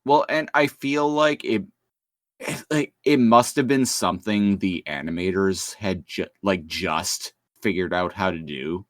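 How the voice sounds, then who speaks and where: A man co-hosting a podcast in casual chat, amused and quick to laugh. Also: low voice, fairly bright tone, no room sound, clean studio sound. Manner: amused, laughs often while chatting. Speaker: podcast co-host. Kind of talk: casual chat recapping a cartoon episode.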